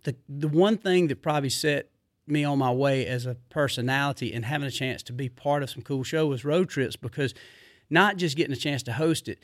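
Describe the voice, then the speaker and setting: A middle-aged man, telling rambling stories in a casual, animated way, full of fillers. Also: mid-range voice, fairly quick, no room sound, clean studio sound. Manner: rambling, animated, drawling Southern speech with repeated fillers. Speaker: podcast guest. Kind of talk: casual storytelling.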